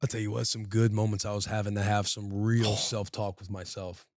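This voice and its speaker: A man in his thirties, a podcast co-host, telling a long story in casual chat, animated and slangy. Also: fairly low pitch, a little fast, no echo, clean studio sound.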